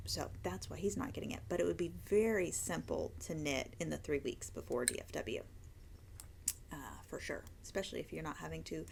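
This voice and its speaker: A woman's voice: low voice, lively intonation, a little fast, creaky, a bit bright, a little hiss or hum. A woman hosting a casual interview, chatty and enthusiastic as she gushes about yarn. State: hiccups and tired. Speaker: yarn shop owner and host.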